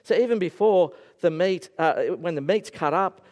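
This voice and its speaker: A male preacher giving an animated, storytelling sermon in a church. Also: sits high, moderate pace. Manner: animated storytelling with acted-out voices. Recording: echoey hall.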